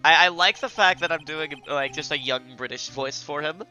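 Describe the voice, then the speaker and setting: A man's voice: on the high side, normal speed, bright, forceful tone, soft background music, rough recording. A man from the American Midwest with a Midwestern accent, chatting casually about a game as a streamer. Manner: chatty, self-amused. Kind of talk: casual let's play commentary.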